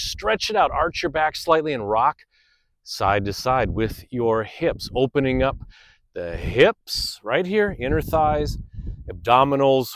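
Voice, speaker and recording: A man's voice: mid-range voice, a little hiss or hum, rough recording. A middle-aged man leading a guided stretching class, upbeat and chatty, sighing through the stretches. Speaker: fitness instructor. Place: outdoors under open sky.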